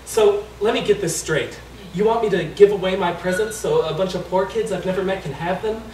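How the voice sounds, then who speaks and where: A man's voice: a little fast, natural voice. A man doing a shrieking greedy little boy. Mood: indignant. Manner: high, excited and whiny. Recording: echoey room, distant mic, faint noise.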